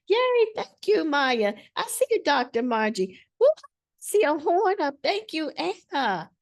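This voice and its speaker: Animated preacher-like woman teaching money. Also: high-pitched. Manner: animated, repetitive, preacher-like emphasis. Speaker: financial educator hosting a masterclass. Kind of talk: live online masterclass. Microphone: video call.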